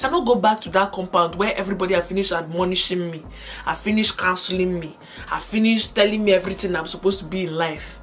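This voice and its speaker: Nigerian woman vlogger, lower voice. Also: quick pace. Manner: animated, switches between hushed and loud. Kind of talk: casual storytelling to camera.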